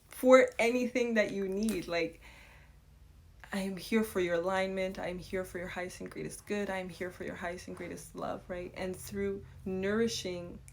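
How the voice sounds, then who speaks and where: A woman's voice: mid-range voice, a little hiss or hum. A young woman speaking in an earnest, reflective monologue, building rhythmic lists of repeated phrases. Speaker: host.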